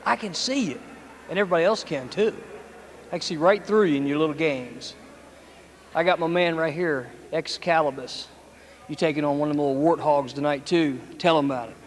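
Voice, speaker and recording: A man's voice: a little high, brisk. A man cutting a taunting, boastful wrestling promo. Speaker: pro wrestler. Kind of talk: wrestling trash-talk promo. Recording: reverberant with faint hum.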